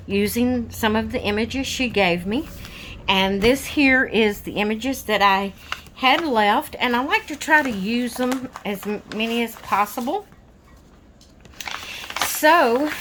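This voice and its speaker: A woman with a fairly high voice chats slowly through a casual crafting vlog. She sounds a little out of breath and rambles in an easygoing way. Faint background noise sits under her voice. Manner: slow, rambling, relaxed. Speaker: crafting vlogger. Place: home with dogs, rainy day.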